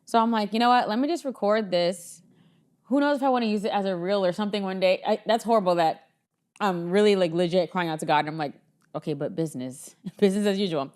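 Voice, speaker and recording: A woman's voice: medium pitch, fast talker, darkish tone. A woman co-hosting a podcast in casual chat, talking in a chatty storytelling way and laughing often. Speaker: podcast co-host.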